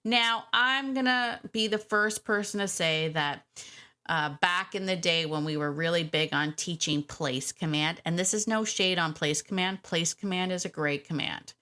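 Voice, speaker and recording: A woman hosting a dog-training podcast, chatty and animated, laughing often. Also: fairly low pitch, normal speed. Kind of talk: casual podcast chat.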